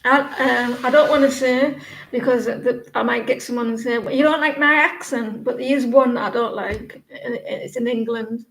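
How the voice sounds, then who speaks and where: A woman's voice: fairly high pitch, level tone, normal speed, creaky, roomy sound, poor audio. A woman in her forties giving a casual live-stream tarot reading, rambling and chatty, often restarting her sentences. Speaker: tarot reader.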